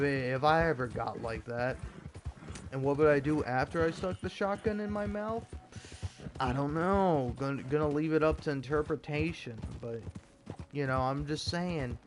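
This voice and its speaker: A man's voice: medium pitch, slight background noise. A young American man ranting with heavy profanity and stammered restarts while commenting over gameplay. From United States. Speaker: gaming YouTuber.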